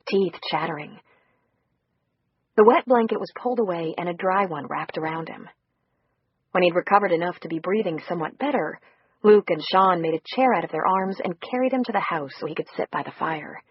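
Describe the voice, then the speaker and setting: An audiobook narrator reading steadily through a novel. The voice is breathy and mid-pitched, and the recording is dry and somewhat dull. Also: normal speed, no echo. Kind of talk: scripted narration.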